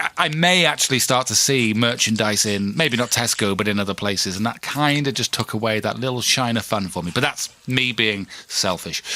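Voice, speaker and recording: A man's voice: mid-range voice, sharp tone, no room sound. A man hosting a solo podcast, rambling in a chatty, self-deprecating way full of asides and restarts. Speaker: podcast host.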